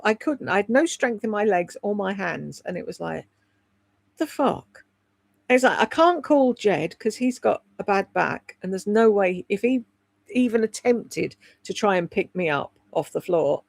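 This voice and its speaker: A woman in her sixties talks on a livestream from home, with a gravelly edge to her voice. Her talk is candid and rambling, full of casual swearing and quick laughs. The sound is dry and close, with no room echo. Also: medium pitch. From United Kingdom. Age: 60s. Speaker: livestream host reading chat.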